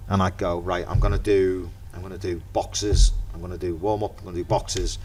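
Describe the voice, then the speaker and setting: A middle-aged man with a Merseyside accent talks as a guest on a podcast, in a very low, deep voice. He tells his stories lively and casually, acting out each person's lines himself. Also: moderate pace, a little hiss or hum. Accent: Merseyside English. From Merseyside, England. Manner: lively anecdotal storyteller acting out dialogue. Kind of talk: casual chat.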